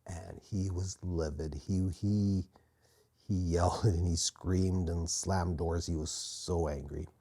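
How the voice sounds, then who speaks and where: A man as an interview guest, quietly and earnestly telling his personal faith testimony. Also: deep voice, steady tone, takes it slowly, husky. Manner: quiet, earnest, reflective storytelling.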